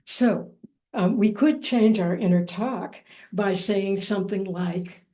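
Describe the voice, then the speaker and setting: A woman teaching Buddhist practice in a dharma talk, gentle and reflective with a light playful touch. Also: medium pitch, slow pace.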